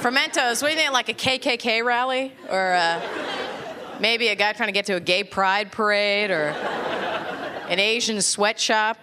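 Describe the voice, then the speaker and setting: A woman doing stand-up at a live venue, wry and self-deprecating, tossing quick asides to the crowd. Her voice sits at a middling pitch. A laughing, clapping audience and steady noise run under her set. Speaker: stand-up comedian. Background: laughing, applauding audience.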